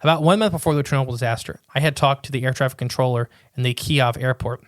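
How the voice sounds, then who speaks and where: A man co-hosting a casual podcast, chatting in a rambling way and reading quotes aloud haltingly. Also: medium pitch, no echo, studio quality. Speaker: podcast co-host.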